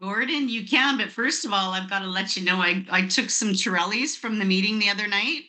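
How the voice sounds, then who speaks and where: A woman's voice: medium pitch, fairly quick, sharp tone. A woman guest on a company call, chatting in a bubbly way and laughing easily. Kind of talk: casual conference call chat.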